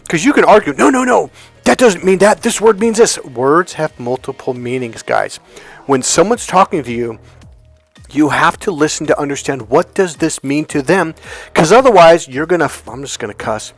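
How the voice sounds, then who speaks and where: A man giving a blunt, profane coaching talk on dating and relationships, telling stories and acting out the voices in them. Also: on the high side. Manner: blunt, profane, storytelling with acted-out quotes. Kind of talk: motivational coaching monologue.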